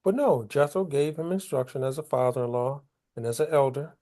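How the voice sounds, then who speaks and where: Mellow-voiced man teaching Bible study casually. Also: mid-range voice, brisk. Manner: colloquial, paraphrases scripture in casual street talk.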